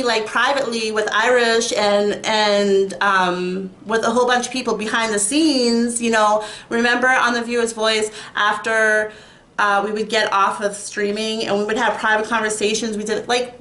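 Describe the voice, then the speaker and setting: A woman's voice: fairly high pitch, fairly bright tone. A young woman rants in a vlog, sounding upset, emphatic and rambling. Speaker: YouTuber. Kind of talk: ranting vlog. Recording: echoey room.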